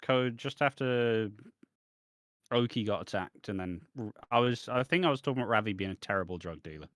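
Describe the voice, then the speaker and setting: A man with a British accent co-hosting a podcast, recapping soap episodes in animated, casual chat with laughter. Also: on the low side, brisk, no echo, studio quality. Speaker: podcast co-host.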